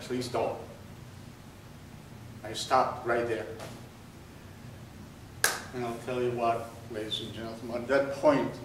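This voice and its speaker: An older man giving a slow, deliberate spoken testimony to an audience, his voice sinking low and quiet at grave moments. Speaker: Holocaust survivor speaker. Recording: echoey hall recorded from far off, faint noise.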